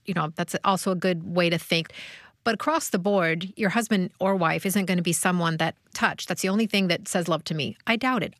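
A woman's voice: lowish voice, no room sound, clean studio sound. Candid middle-aged woman guest. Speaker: guest, wife and mother. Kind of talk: conversational interview.

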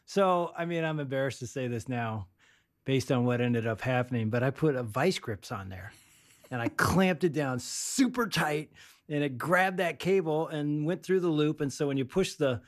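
A man's voice: a little high, animated, moderate pace. A man in his fifties, a pastor co-hosting a casual chat, reflective and given to teasing interjections. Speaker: co-host, pastor.

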